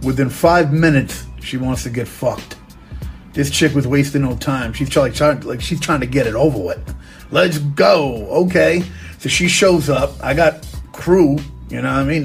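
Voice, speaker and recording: A young man casually telling a crude story, full of street slang and profanity, with frequent "you know what I'm saying.". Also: mid-range voice.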